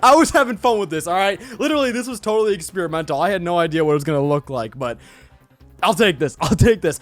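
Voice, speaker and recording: A man's voice: high voice, animated, quick pace, dry recording. A young man giving goofy, rambling let's play commentary with jokey asides. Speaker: gaming YouTuber. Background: faint background music.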